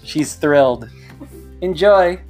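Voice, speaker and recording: A man's voice: fairly high pitch, expressive, slow, a little mellow, faint music behind. A father cheerfully introducing his daughter's reading in a playful presenter tone. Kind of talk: casual introduction.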